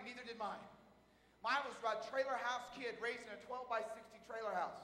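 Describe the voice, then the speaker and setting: A man's voice: very high voice, fast talker, a little hiss or hum. A man in his forties giving a motivational keynote speech in a large conference hall, telling stories and calling for audience responses. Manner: animated, storytelling, audience call-and-response. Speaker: keynote speaker. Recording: echoey hall from far off.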